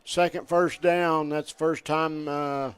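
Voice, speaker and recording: A man giving color commentary at a high school football game, folksy and coach-like in his analysis. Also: little pitch movement, slow pace, smooth, no echo.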